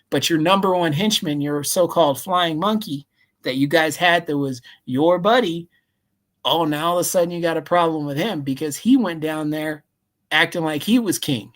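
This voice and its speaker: Animated man telling a story. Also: a little high, moderate pace. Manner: animated, keeps saying "see?", acts out voices. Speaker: guest, convention vendor. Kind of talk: animated storytelling on a live call.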